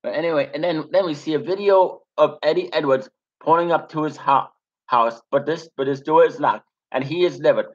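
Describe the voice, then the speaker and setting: A man's voice: fairly high pitch, a little fast. Young male reviewer, casual rambling recap, lots of ums, muffled lo-fi mic. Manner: rambling, many fillers and restarts. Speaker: wrestling reviewer.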